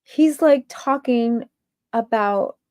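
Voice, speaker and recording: A woman's voice: fairly high pitch, slow, darkish tone, clean tone, no room sound, studio quality. A woman hosting a livestream, ranting in a rambling stream-of-consciousness way with many filler words. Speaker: livestream host.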